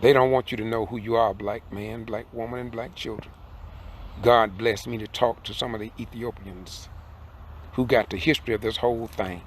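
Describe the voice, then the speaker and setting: A man's voice: lowish voice, steady tone, moderate pace, a little hiss or hum. Fiery older man preaching. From southern Georgia, USA. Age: 60s. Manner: fiery, preacherly, repeats points, rises to emphatic peaks. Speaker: independent video commentator. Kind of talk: impassioned preaching monologue. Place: in a car while driving.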